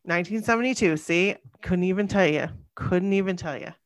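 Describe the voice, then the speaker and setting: A woman's voice: fairly low pitch, brisk, dry recording. A woman co-hosting a podcast in casual chat, tired and rambling, correcting herself as she goes. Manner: chatty, rambling, self-correcting. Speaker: podcast co-host.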